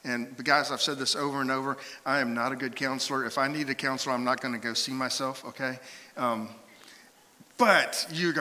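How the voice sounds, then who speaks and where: A man preaching a sermon as a pastor, telling stories and acting out quoted voices with lively shifts. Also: medium pitch, quick pace, long reverb tail. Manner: animated storytelling, acts out voices and quotes. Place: church sanctuary.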